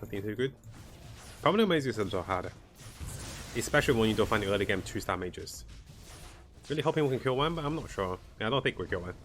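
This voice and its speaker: A man giving casual commentary on a strategy game as he plays, thinking aloud in a relaxed way. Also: fairly low pitch, fast talker, long pauses, a little hiss or hum. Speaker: gaming commentator. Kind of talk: casual live gameplay commentary.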